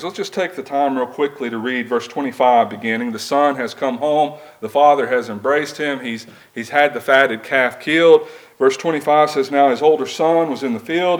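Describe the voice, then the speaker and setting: A man's voice: medium pitch, low-quality recording. Man preaching a conversational sermon. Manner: plain, conversational teaching with rhetorical questions. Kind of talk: sermon with scripture reading.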